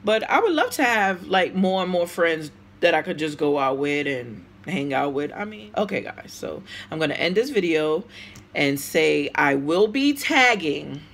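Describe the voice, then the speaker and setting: A woman's voice: low voice, very animated, unhurried. A woman with a Brooklyn accent, vlogging casually to camera and answering tag questions, emotional and outspoken. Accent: Brooklyn, New York. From United States.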